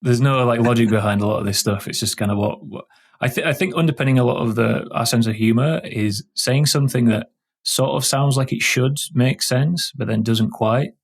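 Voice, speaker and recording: A man with a Yorkshire accent, a game developer guest in a casual podcast chat, thinking aloud and restarting his sentences often. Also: mid-range voice. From Yorkshire, England. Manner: thoughtful, halting with many restarts.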